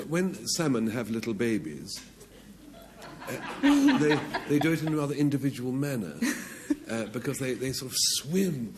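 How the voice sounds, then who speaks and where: Animated, quipping team captain. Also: male voice, medium pitch, slight background noise. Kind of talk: witty panel-game banter.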